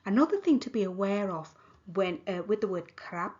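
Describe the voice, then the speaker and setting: A woman with a Thai accent teaching a language lesson, modeling words slowly and repeating them for the learner. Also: mid-range voice, animated, a little mellow, dull audio. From Thailand. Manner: slow, repeated model pronunciation.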